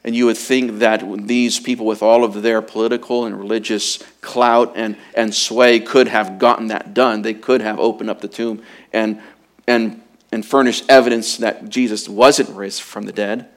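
A man preaching a sermon as pastor, emphatic and urgent, swinging from loud declarations to hushed, quiet passages. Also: on the low side, flat delivery, moderate pace.

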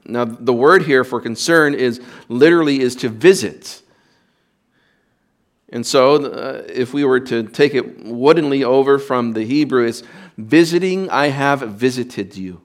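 A man's voice: mid-range voice, unhurried. A male pastor preaching a sermon in an earnest, emphatic way, repeating words and restarting phrases.

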